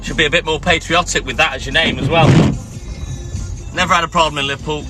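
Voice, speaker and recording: A hoarse man chatting calmly to viewers on a live stream from inside his van. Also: fast talker, loud music behind the voice. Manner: keeping his voice calm and low, chatting to viewers. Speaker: livestreamer. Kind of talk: casual live-stream chat.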